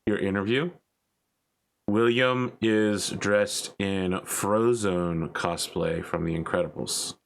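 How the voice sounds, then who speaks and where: A man's voice: on the low side, slow pace, creaky, a little hiss or hum. A man running a tabletop game as game master, talking in a wry, conversational way.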